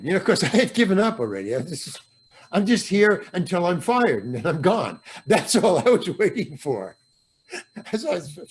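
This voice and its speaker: An older actor guesting on a podcast brings an anecdote to life, performing the voices of people he quotes and dropping curses freely. His voice is high-pitched, at normal speed.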